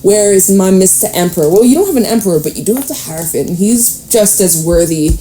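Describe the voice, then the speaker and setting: A woman's voice: mid-range voice, expressive, fast, warm tone, faint music behind. A woman giving a casual tarot reading, chatty and blunt, with a playful and sometimes profane way of talking. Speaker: tarot reader.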